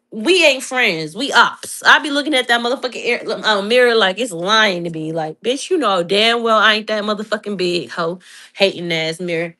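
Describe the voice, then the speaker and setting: A young woman hosting a casual chat, telling stories loudly and profanely, laughing often. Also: medium pitch. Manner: loud, profane, laughing storyteller. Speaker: podcast host.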